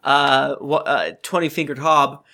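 A man co-hosting a casual book discussion podcast, joking and acting out characters in quick voices. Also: medium pitch, steady tone, gravelly, background noise. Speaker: podcast co-host.

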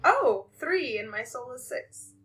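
A woman playing in a tabletop role-playing game, giggly and animated. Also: high voice, a little slow, crowd noise. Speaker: player. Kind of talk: casual tabletop role-play.

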